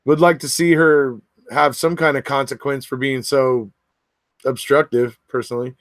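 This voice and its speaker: Speaking at a moderate pace in a steady, mid-range voice, a man hosts a casual livestream in a dry recording. He reads out comments from viewers and answers them conversationally, frequently restarting and using fillers.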